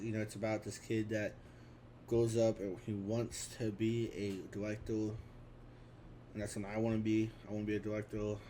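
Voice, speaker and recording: A man's voice: lowish voice, warm tone, slight background noise. A man in his twenties talking casually and offhandedly through his film collection, with frequent restarts and fillers. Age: 20s. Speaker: vlogger.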